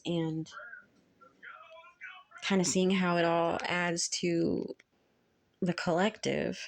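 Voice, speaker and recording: A woman giving a casual spoken tarot reading, halting and earnest as she searches for words. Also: on the low side, steady tone. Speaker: tarot reader.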